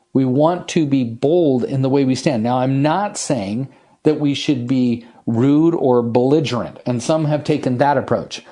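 Man, pastor, expository sermon, earnest and emphatic, warm mellow tone, slows for scripture. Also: medium pitch. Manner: earnest, emphatic preaching with slowed, stressed scripture reading.

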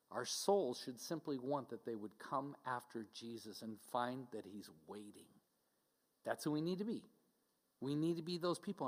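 Earnest preacher man in a reverberant hall. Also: a little high. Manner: earnest, direct, conversational preaching with mocking asides. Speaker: pastor. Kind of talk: sermon.

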